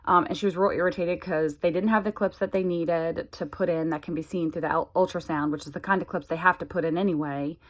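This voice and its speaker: A woman's voice: on the low side, steady tone, quick pace, few pauses. A woman in her forties talking candidly to the camera, chatty and exasperated. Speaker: vlogger sharing a health update. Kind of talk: casual chat to camera.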